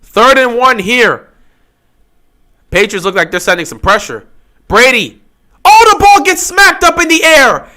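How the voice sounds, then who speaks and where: A man chats loosely through a live football stream, reacting to plays and poking fun at fans. His voice sits high for a man and rings bright and forward. He slips into whiny put-on voices to mock others. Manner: animated, mocking with high whiny impressions of upset fans.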